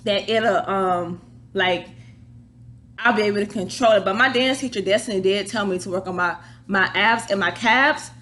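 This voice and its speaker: A young woman hosting her own casual vlog, chatting in an animated, storytelling way with squealing quoted reactions, recorded on a basic phone or webcam mic. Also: mid-range voice, moderate pace. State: out of breath. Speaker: vlog host. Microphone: phone or webcam, before her new microphone works.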